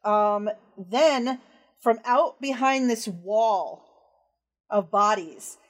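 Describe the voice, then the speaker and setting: Casual woman running a horror tabletop game. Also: fairly high pitch. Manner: descriptive, casual with fillers. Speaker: game master.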